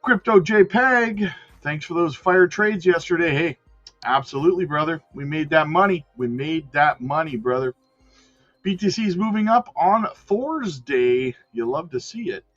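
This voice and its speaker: A man's voice: a little high, lively intonation, normal speed, highs cut off, soft background music. Hyped slangy man hosting a crypto stream. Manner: hyped, slangy, shouting out viewers by name. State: out of breath. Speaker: crypto livestream host. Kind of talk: casual live-stream chat.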